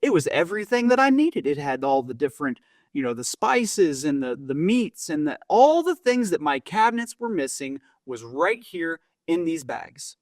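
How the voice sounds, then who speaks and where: A man puts on an old churchwoman testifying to her congregation, a little higher than his usual voice and stubbornly sure of herself. She repeats her faith insistently, with a close, dry sound. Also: sing-song, moderate pace, dry recording.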